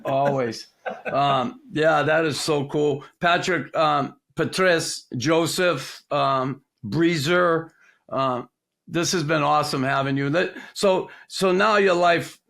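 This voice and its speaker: A male podcast host in a relaxed chat, his voice sitting a little high. He talks loosely, with fillers and restarts. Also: slow, vocal fry. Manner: conversational, many fillers and restarts. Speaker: podcast host, former hockey player. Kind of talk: casual chat.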